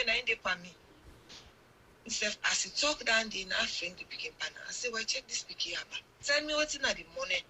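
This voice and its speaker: A woman's voice: medium pitch, expressive, fast, bright, forceful tone, slight background noise, low-quality recording. An older woman with a Sierra Leonean Krio accent, a guest earnestly recounting events in a long narration full of quoted exchanges. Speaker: guest, mother telling her account. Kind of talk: radio interview testimony.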